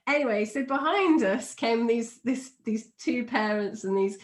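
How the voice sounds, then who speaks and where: A middle-aged woman, an NLP trainer, explaining a method and telling a personal story in a chatty, animated way, laughing often. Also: fairly high pitch, measured pace. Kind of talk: teaching explanation with personal anecdote.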